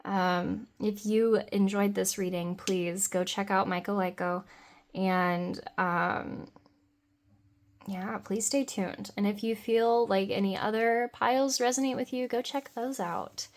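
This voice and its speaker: A woman doing a pick-a-card tarot reading, talking in a dreamy, meandering and enthusiastic way with soft laughs. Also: mid-range voice, steady tone, slow pace.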